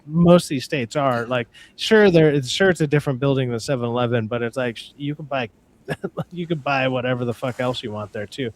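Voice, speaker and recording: A man's voice: mid-range voice, a little fast. A man in casual movie review chat, blunt and opinionated, rambling and swearing. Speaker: podcast co-host.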